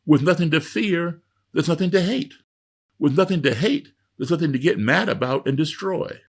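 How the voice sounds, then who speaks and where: Middle-aged male guest, raspy and gravelly, lively pitch, emphatic lecturing storyteller. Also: moderate pace. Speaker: guest speaker. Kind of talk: storytelling interview.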